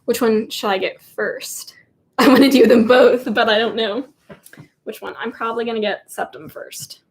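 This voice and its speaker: Answering viewer questions during a casual livestream, a teenage girl chats and giggles, rambling as she goes. She speaks with a voice on the high side, a steady tone, and a moderate pace.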